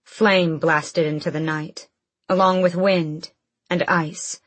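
A woman narrating a fantasy audiobook in a measured, steady storytelling manner. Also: lowish voice, dry recording.

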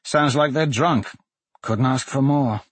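A man voicing a gruff young male swordsman in a storybook reading, with short, clipped lines. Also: medium pitch, slow, dry recording. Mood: curt.

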